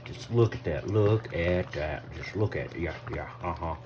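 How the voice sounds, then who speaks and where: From his home kitchen, a low-voiced man with a Southern US accent hosts a casual cooking vlog at normal speed. He chats folksily and calls his viewers y'all, with a noisy background behind him.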